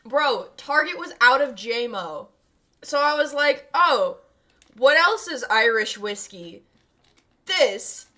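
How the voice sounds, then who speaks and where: A young woman in her twenties hosts a laid-back livestream from home, giggling as she talks to her viewers. Her voice is bright and sits a little high, with a lively, bouncing melody. She sounds a bit tipsy. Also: slow. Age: 20s. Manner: giggly, animated, talks to chat. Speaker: streamer host. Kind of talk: casual livestream chat.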